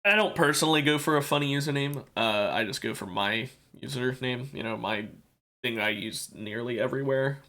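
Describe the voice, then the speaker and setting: A man's voice: mid-range voice, fairly quick, pushed and bright. A man streaming a video game, rambling and correcting himself in casual commentary while sounding sleepy and yawning.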